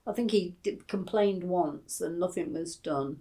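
A woman's voice: on the low side, unhurried, dark tone. An older woman from England telling childhood memories in an oral history interview, hesitant and full of fillers, fond as she tells her stories. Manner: hesitant, many fillers and restarts; fond, storytelling.

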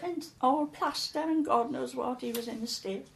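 A woman's voice: sits high, normal speed, vocal fry, echoey room, a little hiss or hum. Older woman, casual storytelling, repeats herself. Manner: chatty, laughing, repeats words as she recalls. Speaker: interviewee.

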